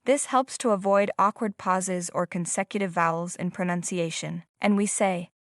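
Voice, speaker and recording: Calm woman explaining a language lesson. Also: on the low side, moderate pace, dry recording, studio quality. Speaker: language teacher. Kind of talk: scripted lesson prompts and explanation.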